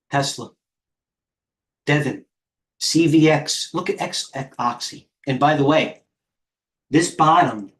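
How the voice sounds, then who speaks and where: A man's voice: mid-range voice, a bit bright. A middle-aged man hosting a live trading stream, tired, rambling off the cuff as he jumps between stock tickers. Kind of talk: live market commentary.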